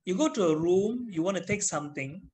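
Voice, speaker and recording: A man's voice: sits high, lively intonation, a little fast, darkish tone, poor audio. A middle-aged man, teaching an online class in a chatty manner and putting questions to his students. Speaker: trainer.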